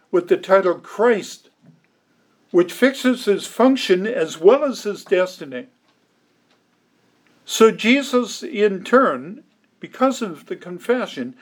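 Emphatic preacher, a man with a higher voice. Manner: deliberate, emphatic, reads scripture aloud in old wording. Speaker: pastor. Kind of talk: expository sermon.

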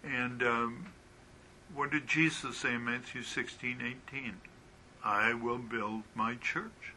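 Male Bible teacher, unhurried, halting delivery, very bright and forceful tone. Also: mid-range voice, fairly even intonation, a little hiss or hum, rough recording. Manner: halting with frequent ums, asks rhetorical questions.

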